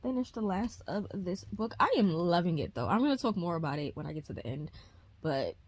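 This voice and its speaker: A woman's voice: lowish voice, big pitch swings, a little fast, noisy background. A woman chatting casually to her camera at home for a reading vlog, rambling with many fillers. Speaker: reading vlogger.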